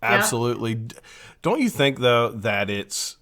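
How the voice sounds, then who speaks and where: A man hosting a casual live stream chat, animated and agreeable, swearing now and then. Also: mid-range voice, a little slow.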